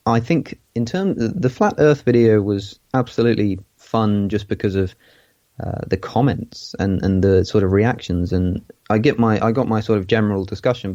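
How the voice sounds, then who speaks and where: A man with an English accent, a guest in a casual interview, talking thoughtfully and pausing often with ums. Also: on the low side, dark tone, muffled recording.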